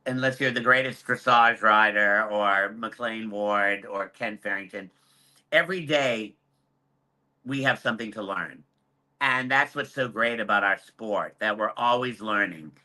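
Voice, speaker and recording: A man speaks as an expert guest on a video call, earnest and emphatic. His voice is very bright and forceful, and he hammers his points home by repeating them. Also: lowish voice, a little slow. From United States. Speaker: hunter horse trainer and judge. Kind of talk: expert guest answering questions.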